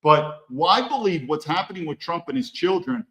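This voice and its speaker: A man's voice: on the high side, very animated, normal speed, gravelly, sharp tone, roomy sound, low-quality recording. A man hosting a solo political monologue, talking emphatically with blunt, profane language and a string of rhetorical questions. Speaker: political commentary host.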